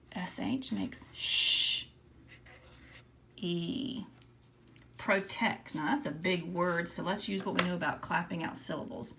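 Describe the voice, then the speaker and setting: A woman's voice: on the low side, heavy background noise. A woman teacher giving a patient writing lesson to young children, sounding out letters and syllables one by one.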